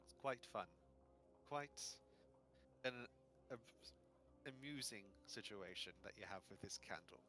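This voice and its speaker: A man's voice: fairly low pitch, lively intonation, a little slow, pauses often, pushed and bright. A man playing a courteous, whimsical male adventurer in a tabletop role-play. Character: genteel, chatty male adventurer.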